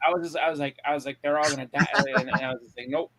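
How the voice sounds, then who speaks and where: A man chatting casually on a podcast, excitedly retelling movie scenes and acting out the characters' lines. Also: medium pitch, racing, a crowd in the background. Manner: animated storyteller who acts out movie scenes. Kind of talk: casual chat.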